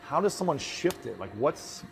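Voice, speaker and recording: A man's voice: fairly high pitch, sing-song, moderate pace, vocal fry, a little hiss or hum. A man asking interview questions, with many short agreeing replies.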